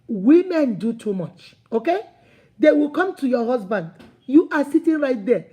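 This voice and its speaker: A woman's voice: high voice, sing-song, moderate pace, warm tone, husky. A woman with a Nigerian accent hosting a live advice stream, outspoken, scolding and humorous. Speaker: host.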